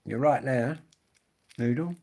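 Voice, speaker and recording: A man's voice: mid-range voice, slow, gravelly, darkish tone. A man hosts a casual live stream and chats straight to his viewers. He rambles from one story to the next, swearing freely in a blokey, matter-of-fact way.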